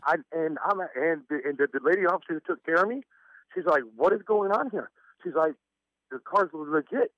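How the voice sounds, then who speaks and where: A man calls in over a dull, muffled phone line, his voice a little high for a man. He stammers and laughs nervously as he tells his story. The sound is close and dry. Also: brisk, dry recording. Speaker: caller. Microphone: telephone.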